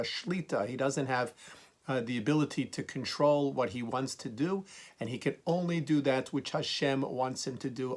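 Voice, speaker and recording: A man, a rabbi, teaching a Torah lesson. He reads verses slowly and then translates and explains them. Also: mid-range voice.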